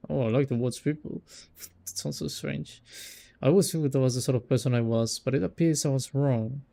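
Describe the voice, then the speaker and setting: Young male gamer reading a visual novel aloud, low-lit mellow tone with a gravelly edge, rereads and asides. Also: fast. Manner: reads narration aloud, stumbles and rereads lines, breaks off with casual remarks. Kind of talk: let's play reading with asides.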